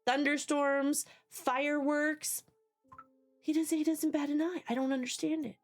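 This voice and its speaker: A woman's voice: high-pitched, little pitch movement, unhurried, soft background music. A woman streaming live who chats casually with her viewers, rambling, swearing freely and laughing often. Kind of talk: casual chat. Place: home basement.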